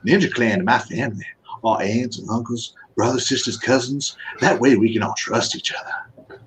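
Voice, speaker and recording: A man's voice: medium pitch, normal speed, a bit bright, a little hiss or hum, lightly acted, rough recording. A man voicing a boastful male ninja from the Louisiana bayou, with a Louisiana accent and folksy, bragging speech. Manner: brash, bragging, folksy grammar.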